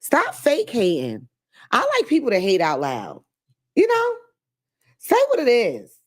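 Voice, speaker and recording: A woman's voice: a little high, huge pitch swings, a little slow. A woman hosting a casual advice talk show, blunt and profane, often laughing as she speaks to her audience. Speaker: host.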